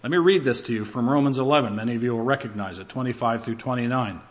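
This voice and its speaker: A man's voice: mid-range voice, quick pace, muffled recording. A man preaching a sermon, building his points through rhythmic lists and shifts in emphasis. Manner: emphatic, rhythmic lists with rising and falling delivery.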